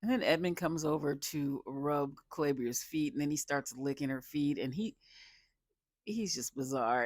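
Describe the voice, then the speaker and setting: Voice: medium pitch, no echo, studio quality. A speaker recapping a reality show episode in casual commentary, rambling, restarting sentences and laughing often. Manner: laughs a lot while recounting.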